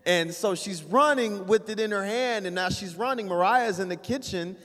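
A man telling a funny family story to a church gathering in a casual, animated way, with a long hall reverb around his voice. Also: high-pitched, moderate pace, a little hiss or hum. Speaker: church member sharing a story.

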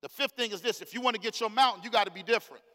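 A middle-aged pastor preaching with a high, bright, forceful voice. He delivers his sermon in a loose, slang-filled way and keeps calling out to the congregation. His voice rings with the long reverb of a church hall. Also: rapid-fire. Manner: animated preaching, calls out to the congregation. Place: church sanctuary.

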